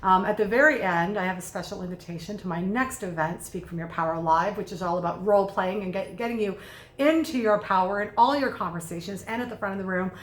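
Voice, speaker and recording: A woman communication coach giving energetic, conversational commentary in quick bursts. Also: mid-range voice, echoey room. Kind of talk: video lesson commentary.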